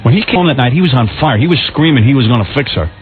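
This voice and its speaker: A man's voice: medium pitch, rapid-fire, narrow, tinny audio, faint music behind, natural voice. A man acting out a frantic, blustering witness on the stand in a comic talk-radio bit. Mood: agitated. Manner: excitable, blustering, swearing.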